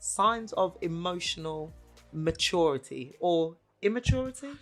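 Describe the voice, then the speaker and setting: A woman co-hosting a podcast in casual chat, teasing her friend and quick to laugh. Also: fairly low pitch, animated, soft background music. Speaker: podcast co-host.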